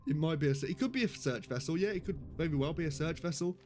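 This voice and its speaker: A man's voice: on the high side, expressive, moderate pace, long pauses, darkish tone, faint music behind. A young British man giving casual live commentary on a game, chatty and giggly, swearing now and then. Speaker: streamer.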